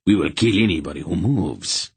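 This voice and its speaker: A harsh, threatening soldier captain barks orders in a rasping growl, as a man reads him in an audiobook. The voice sits very low and slightly husky. The sound is dry and close. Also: animated, normal speed, a little mellow, no room sound, exaggerated voice. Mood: menacing.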